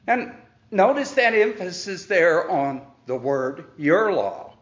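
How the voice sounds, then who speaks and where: A man teaches from the Bible in a slow, deliberate preacher's cadence. He reads passages aloud and then unpacks them, leaning on key words for emphasis. The sound is dull and muffled, with a roomy echo around it. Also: high voice, big pitch swings. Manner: reads scripture aloud, then explains it point by point; leans hard on key words. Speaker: pastor.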